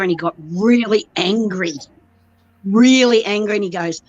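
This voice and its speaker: A woman's voice: mid-range voice, moderate pace, highs cut off. A middle-aged woman in a casual group chat, telling wry joking anecdotes.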